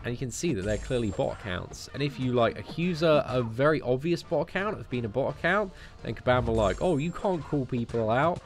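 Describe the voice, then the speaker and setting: A young man from Britain fields viewer questions during a gaming live stream in a laid-back, talkative way, frequently finishing sentences with "man." He has a mid-range voice and a brisk pace.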